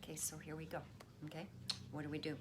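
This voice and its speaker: A woman's voice: deep voice, completely flat delivery, quick pace, very noisy. A woman hosting a casual wellness talk from home, chatty and reassuring. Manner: chatty, reassuring, talks baby talk to her cat. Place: at home with pets.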